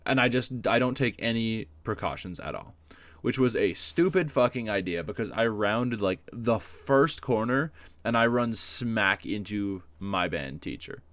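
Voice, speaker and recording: A man's voice: lowish voice, animated, measured pace, a bit bright, no echo. A man telling a personal story in a casual vlog, rambling with lots of fillers and swearing, self-deprecating. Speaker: YouTuber.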